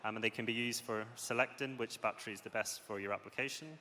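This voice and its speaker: Low bright-voiced man pitching a startup. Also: fast talker. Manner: relaxed, filler-laden delivery. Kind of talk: stage pitch. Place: large conference hall. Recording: hall reverb, faint background noise.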